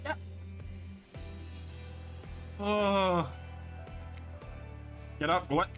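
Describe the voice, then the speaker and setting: Bright-voiced, animated male streamer. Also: a little high, slow pace, pauses often, faint music behind. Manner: animated, yelps and breaks into reactions; reads game dialogue aloud with mock voices. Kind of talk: live game playthrough reading aloud.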